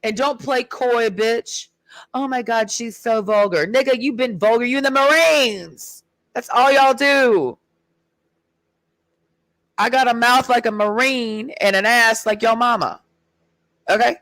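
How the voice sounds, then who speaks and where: A woman's voice: a little high, a little slow, long pauses, a bit bright, no echo. A woman ranting in a heated, sarcastic and profane way in a casual vlog. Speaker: vlogger. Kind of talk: casual rant.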